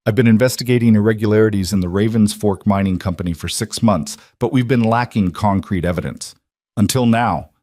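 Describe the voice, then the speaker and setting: A man's voice: fairly low pitch, brisk, close to an everyday voice. A man voicing a firm territorial marshal. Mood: authoritative. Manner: flat, firm. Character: authoritative male territorial marshal.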